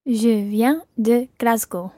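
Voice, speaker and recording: A woman's voice: a little high, slow pace, dark tone, dry recording, studio quality. A woman learning French, repeating phrases after her teacher. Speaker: language learner.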